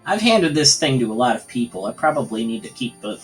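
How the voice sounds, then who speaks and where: A man's voice: medium pitch, big pitch swings, fast, soft background music, poor audio. A man playing his character at a tabletop game, talking hesitantly with many fillers. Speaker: player.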